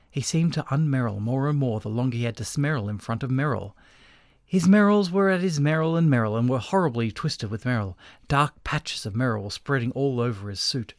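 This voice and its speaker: A man reading a comic story aloud as its narrator, with expressive delivery. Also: mid-range voice, brisk, dry recording, clean studio sound.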